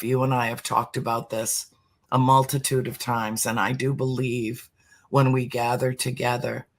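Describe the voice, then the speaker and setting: A middle-aged speaker talking earnestly about spirituality as a podcast guest, slowing down to stress words. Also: medium pitch. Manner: earnest, emphatic, slows for emphasis. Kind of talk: heartfelt spiritual talk.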